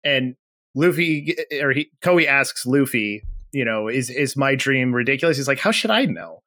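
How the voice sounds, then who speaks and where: A man's voice: mid-range voice, steady tone, moderate pace, sharp tone, no room sound. A man co-hosting a casual podcast chat, retelling scenes animatedly and acting out characters' lines. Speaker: podcast co-host.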